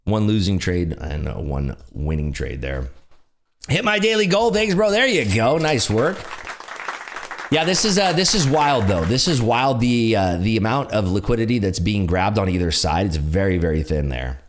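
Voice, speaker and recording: Excitable man calling live market moves. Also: on the low side, moderate pace, a faint crowd. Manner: excitable, hyping moves to viewers. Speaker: day trading livestream host.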